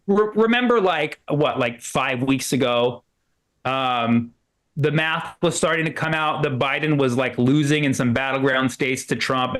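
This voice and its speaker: This stand-up performer, a man with a medium-pitched, slightly bright voice, delivers a meandering set at a comedy club. He leans on fillers and does fast put-on voices for those he quotes.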